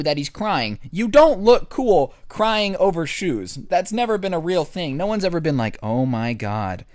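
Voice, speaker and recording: Young man vlogger, sarcastic and crude, slightly high voice, dry sound. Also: no echo. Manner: sarcastic, crude deadpan asides. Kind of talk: comic storytime.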